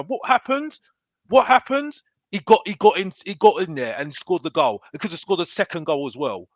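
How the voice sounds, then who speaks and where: A fired-up man hosts a live football fan show, ranting in a high voice. He keeps restarting his sentences and swings up and down a lot. The sound is dry and close. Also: sing-song, normal speed, no echo. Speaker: host.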